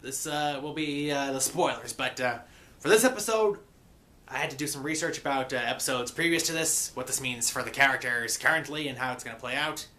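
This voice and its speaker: A man recapping and reviewing a cartoon episode in a loose, chatty way. His voice is bright and forward. He sprinkles in mock pirate grammar and filler sounds. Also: mid-range voice, fairly quick.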